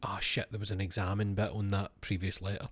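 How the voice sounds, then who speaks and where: Low-voiced game streamer. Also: male voice, little pitch movement, fast. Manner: wry asides and musing to himself between readings. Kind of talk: reading game letters aloud on a stream.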